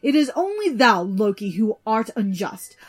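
A woman voicing a furious, greedy old male dwarf who shouts and curses in a storybook reading. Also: very high voice, wildly swooping pitch, normal speed, faint music behind, pitched above the performer's own voice, full character voice. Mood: outraged. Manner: shouting, outraged and desperate.

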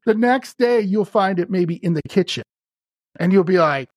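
A woman host in casual conversation, telling stories in an animated way and agreeing often. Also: mid-range voice, husky, no echo, clean studio sound. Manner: animated storyteller, quick to agree.

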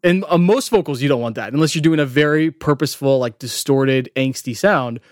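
A man's voice: mid-range voice, fairly quick, no echo. Enthusiastic man, dry close mic. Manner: enthusiastic, explains technical audio detail with many fillers. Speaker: podcast co-host. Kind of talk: casual music podcast chat. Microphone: home podcast mic.

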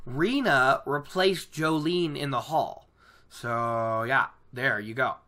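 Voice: mid-range voice, slow, pushed and bright. A host casually recapping a fantasy novel chapter, chatty and rambling, with lots of fillers. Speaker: book podcast host.

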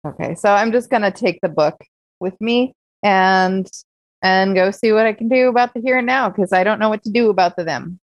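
A woman's voice: mid-range voice, a little fast, dry recording. A woman playing a tabletop game, thinking aloud and hesitant. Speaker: player. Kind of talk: casual tabletop play.

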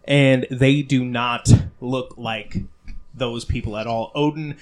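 A man's voice: mid-range voice, steady tone, takes it slowly. A man hosting a comics podcast, enthusiastic and casual, acting out little quotes. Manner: enthusiastic, acts out quotes with a squeal. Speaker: podcast host. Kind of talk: casual chat about comics.

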